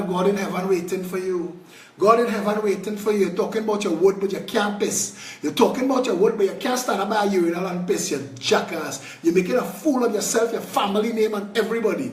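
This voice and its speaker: A man's voice: high voice, reverberant, recorded from a distance. A Trinidadian man giving a fiery political speech, blunt and angry, throwing crude insults. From Trinidad and Tobago.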